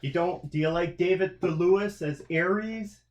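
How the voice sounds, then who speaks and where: A man's voice: high-pitched, measured pace, reverberant, highs cut off. A man hosting a casual film review chat, prodding with questions, adding trivia and conceding points. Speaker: podcast host, film reviewer.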